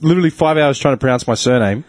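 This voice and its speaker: A man's voice: mid-range voice, very fast, dry recording. A man hosting a podcast in casual chat, laughing often, swearing and rambling through restarts. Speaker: podcast host. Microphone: studio mic.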